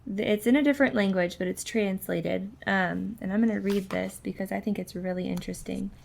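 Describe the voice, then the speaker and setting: A young woman co-hosting a podcast, chatting casually and reading a passage aloud haltingly, with many ums and restarts. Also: mid-range voice, steady tone, gravelly, darkish tone. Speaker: podcast co-host.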